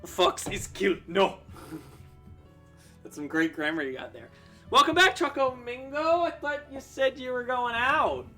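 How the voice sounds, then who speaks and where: A man's voice: very high-pitched, very animated, measured pace, bright, forceful tone, soft background music. A young man chatting casually while drawing on a live stream, rambling and self-deprecating, with lots of fillers and restarts. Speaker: streamer and artist.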